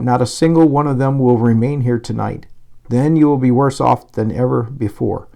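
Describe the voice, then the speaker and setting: A male pastor with a creaky, medium-pitched voice reads a Bible passage at a moderate pace. He gives the dialogue lively emphasis, with occasional slips and restarts.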